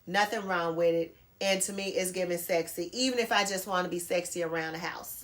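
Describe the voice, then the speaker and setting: A woman's voice: fairly low pitch, fairly even intonation, brisk, few pauses, fairly bright tone. A middle-aged woman chatting casually through a clothing try-on haul, calling her viewers girl and y'all. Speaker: fashion vlogger. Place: home bedroom near a closet.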